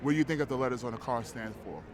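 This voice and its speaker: A man telling a quick loud joke on a busy street, animated and loud. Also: mid-range voice, crowd noise.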